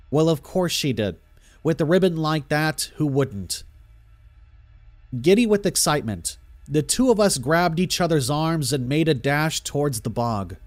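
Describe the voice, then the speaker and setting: Man narrating a horror story. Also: on the high side. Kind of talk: scripted narration. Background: faint music.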